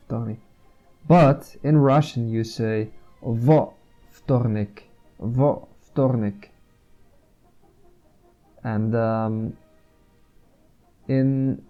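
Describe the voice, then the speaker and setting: A Dutch man giving a casual language lesson, explaining slowly, repeating words and pausing with fillers. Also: medium pitch, dark tone, muffled recording. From Netherlands. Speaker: language vlogger.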